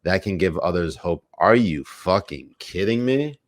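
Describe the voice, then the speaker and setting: A man's voice: deep voice, lively intonation, measured pace, no echo, studio quality. A young man co-hosting a political podcast, giving sarcastic, profane commentary. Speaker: podcast co-host.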